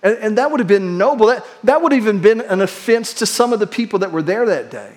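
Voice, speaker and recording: High-voiced pastor preaching a sermon. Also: male voice, animated. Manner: shifts between quick asides and slow, hushed emphasis; leads the congregation in call-and-response.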